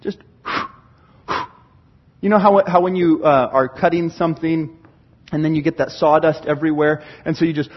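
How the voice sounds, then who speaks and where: A man preaching from the pulpit in a high, husky voice, full of rhetorical questions. He swings from hushed asides to loud bursts. The recording sounds a little muffled. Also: fairly even intonation, normal speed, long pauses. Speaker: pastor. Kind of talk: sermon.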